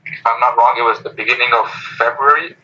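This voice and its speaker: A man's voice: mid-range voice, fairly even intonation, fast, bright, forceful tone. A young man talking as a guest in a casual interview, hesitant, with many fillers and restarts. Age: young adult. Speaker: guest, former student council member. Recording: dull lo-fi recording.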